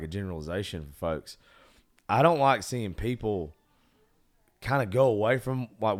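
A man whose voice is wearing out talks bluntly, with plenty of swearing. He sounds emphatic and loose in a casual conversation. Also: lowish voice. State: losing his voice. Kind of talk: casual chat.

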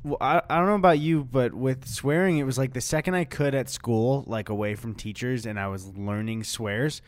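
A man's voice: mid-range voice, moderate pace, hardly any pauses. A young man co-hosting a podcast, telling casual, jokey stories and swearing now and then. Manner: laid-back, jokey storytelling with frequent swearing. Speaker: podcast co-host. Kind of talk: casual chat.

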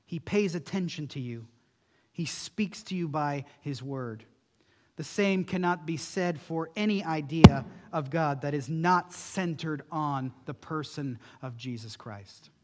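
Male pastor with a raised pitch, preaching with firm emphasis; long reverb tail behind him. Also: unhurried, a little mellow, slight background noise. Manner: emphatic preaching with rhetorical questions. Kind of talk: sermon.

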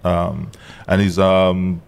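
Laid-back low-voiced man chatting. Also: little pitch movement, drawn-out words, creaky, clean tone. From Tonga. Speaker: podcast co-host. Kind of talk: casual chat.

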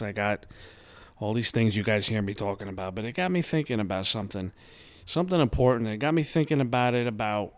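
A man's voice: fairly low pitch, clear, resonant tone, dry recording. Swearing New guy ranting. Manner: animated, heavy swearing, ranting. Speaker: podcast host. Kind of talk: casual monologue. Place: home.

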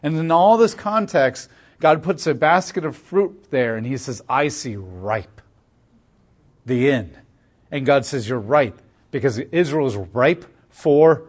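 A man's voice: medium pitch, slightly rough. A man teaching verse by verse through a Bible passage, explaining in a conversational way with playful voiced asides.

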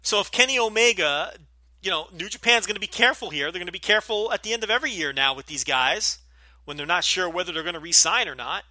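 A man's voice: high-pitched, lively intonation, fast, pushed and bright, no room sound. Blunt, profane man with a Jersey accent. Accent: New Jersey. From Northeastern US, New Jersey. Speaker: podcast host. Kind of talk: casual Q&A podcast.

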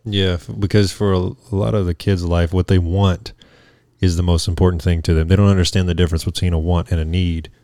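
Low-voiced man in earnest chat. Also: little pitch movement, fairly quick, dark tone, dry recording. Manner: earnest, teasing. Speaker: podcast co-host. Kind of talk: casual discussion.

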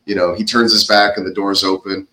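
A man on a podcast eagerly recaps a film scene by scene, laughing along as he goes. His voice sits on the low side but has a bright, forward edge. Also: a little fast, rough recording. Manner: animated retelling, laughs often. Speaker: podcast co-host. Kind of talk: casual movie recap.

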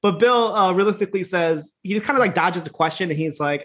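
A fast-talking man whose voice sits high co-hosts a podcast recapping a wrestling series. He's laid-back, profane, and laughing, acting out the characters' quotes in animated voices.

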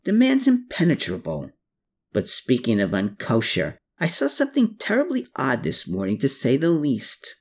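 A woman's voice: rumbling low, wildly swooping pitch, normal speed, darkish tone, slightly rough, full character voice. A narrator voicing a shrewd, watchful woman in an audiobook, guarded and probing. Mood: worried, secretive. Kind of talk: audiobook character voice.

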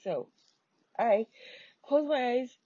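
A woman's voice: fairly high pitch, expressive, slow, no room sound. A woman telling a story about her own experience in a casual, chatty way, swearing freely and using many fillers. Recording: dull lo-fi recording.

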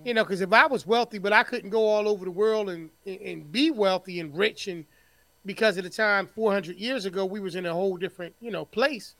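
A man's voice: high voice, fairly bright tone, dry recording. A man from New Jersey co-hosting a podcast, easygoing, reading out questions in casual banter. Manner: easygoing, reads questions slowly. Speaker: podcast co-host.

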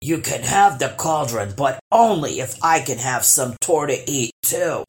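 A woman's voice: extremely low pitch, lively intonation, unhurried, pitched below the performer's own voice. A woman voicing a second male troll in a storybook, grumbling and greedy.

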